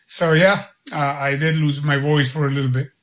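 A man's voice: on the high side, level tone, normal speed, a bit bright. Man, enthusiastic announcer. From Argentina. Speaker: soccer play-by-play announcer, guest. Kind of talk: interview answers.

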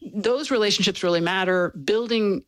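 A woman being interviewed as an author, explaining and telling stories in a lively, casual way with fillers. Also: medium pitch, normal speed, no room sound. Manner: animated, storytelling with fillers and laughs.

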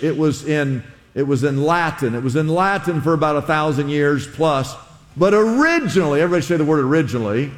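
A man preaching a sermon as pastor, conversational, asking the congregation to repeat words after him. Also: a little high. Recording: long hall reverb.

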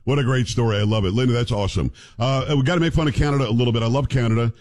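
A man's voice: medium pitch, very fast, darkish tone. A man hosting a radio talk show, chatting casually with a joking, opinionated manner and a neutral American accent with a hint of New York.

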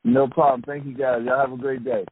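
A man's voice: medium pitch, level tone, fairly quick, breathy edge, no echo. A man giving a laid-back, friendly station intro as a radio show guest. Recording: phone-like, faint noise.

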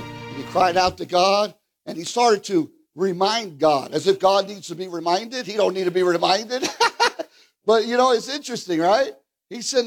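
A man preaching a fiery revival sermon, asking the congregation questions, calling for amens and breaking into shouts. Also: high voice, normal speed, faint music behind. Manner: fiery, rhetorical, calls for amens, bursts into shouts.

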